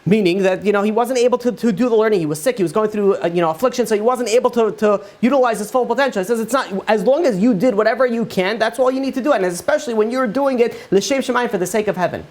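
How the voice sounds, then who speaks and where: A man's voice: high-pitched, fast, hardly any pauses, a little mellow. A man, a rabbi, teaching a Torah class, retelling Talmud stories in a casual, conversational way with frequent fillers. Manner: casual and conversational, many fillers like "you know".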